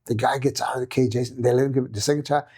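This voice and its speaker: This middle-aged man, a martial arts coach appearing as a podcast guest, has a husky, mid-range voice and talks fast. He tells stories casually and animatedly, acting out quoted voices and repeating himself.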